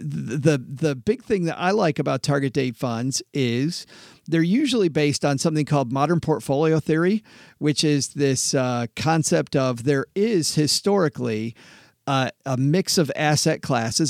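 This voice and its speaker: A middle-aged man, a former financial planner, chatting casually on a podcast and acting out an anecdote with lively delivery. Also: mid-range voice, no room sound, studio quality. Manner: animated storyteller, acts out clients. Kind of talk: casual chat.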